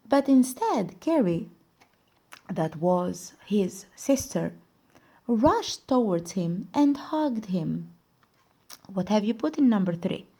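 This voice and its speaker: A woman's voice: mid-range voice, warm tone, husky. A woman teacher, not a native English speaker, walking students through a reading exercise, asking questions and then giving the answers herself. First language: Albanian. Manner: slow, careful explaining, asks and answers her own questions. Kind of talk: recorded classroom lesson.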